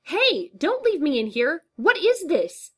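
A woman voicing a tense young male operative, shouting loudly in alarm as part of a story reading. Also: high voice, wildly swooping pitch, takes it slowly, pitched above the performer's own voice, exaggerated voice. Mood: panicked.

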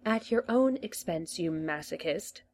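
A woman's voice: lowish voice, lively intonation, measured pace, a little hiss or hum. A woman reading a story aloud, voicing a scheming male Time Lord who coaxes, teases and boasts. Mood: teasing. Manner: coaxing, teasing and boastful.

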